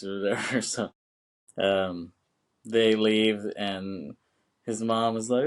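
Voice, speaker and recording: A man's voice: fairly low pitch, fairly even intonation, unhurried. A man co-hosting a podcast, casually recapping a film with lots of fillers and laughs. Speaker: podcast co-host.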